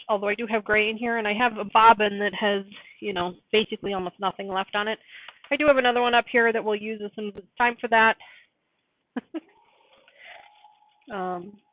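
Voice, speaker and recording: A woman's voice: mid-range voice, no echo. A woman hosting a live quilting stream in a chatty, apologetic way, laughing often as she talks. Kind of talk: casual live-stream sewing chat. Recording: dry, phone-like narrow sound.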